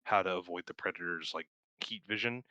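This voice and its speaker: Young male co-host, low pitch and bright, forceful tone, rambling and profane, laughs often. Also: a little fast, dry recording. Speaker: podcast co-host. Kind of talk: casual film review chat.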